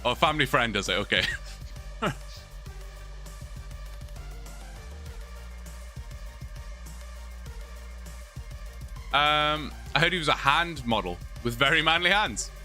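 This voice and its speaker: A man's voice: on the high side, expressive, a little fast, few pauses, bright, forceful tone, faint music behind. A British man from England, chatting casually and joking with viewers during a live gaming stream. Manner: chatty, joking, many restarts.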